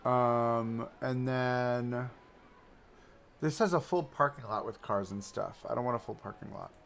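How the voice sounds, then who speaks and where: A man live-streaming a park-building game, chatting and thinking aloud as he browses and places items, swinging between excited outbursts and low mutters. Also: a little slow, vocal fry, a little hiss or hum. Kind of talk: casual live-stream commentary while building.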